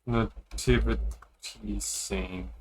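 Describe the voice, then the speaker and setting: A man's voice: lowish voice, steady tone, drawn-out words, darkish tone, a little hiss or hum. A man streaming a game who reads its dialogue aloud in a casual way, breaking off for joking asides. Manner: casual, joking asides between read lines. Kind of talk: reading visual novel dialogue aloud on a stream.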